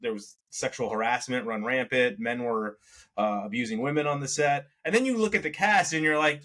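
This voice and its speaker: Bright-voiced man rambling through a movie review. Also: medium pitch, brisk. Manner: rambling, animated, with self-corrections and laughs. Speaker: podcast co-host. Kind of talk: casual movie review chat.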